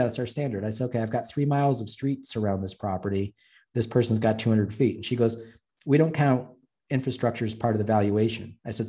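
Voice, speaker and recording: A man's voice: lowish voice, warm tone. A man, an urban planner, giving a blunt, joking webinar talk over slides and acting out the dialogue he quotes. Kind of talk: presentation with slides.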